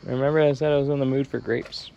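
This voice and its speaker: A man's voice: medium pitch, steady tone, quick pace, vocal fry, dark tone, highs cut off, a little hiss or hum. Rambling young man vlogging outdoors at dusk. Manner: rambling, joking, talks to the camera. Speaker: travel vlogger. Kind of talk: casual vlog talk to camera. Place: outdoors on hillside streets at dusk. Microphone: handheld action camera.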